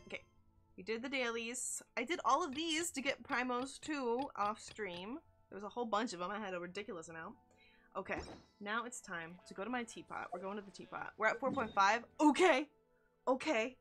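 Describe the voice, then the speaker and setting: Young female streamer, excitable and chatty, mid-pitched voice, game music underneath. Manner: excitable, gushing, squeals and laughs, chats with viewers. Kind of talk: live game-stream chat.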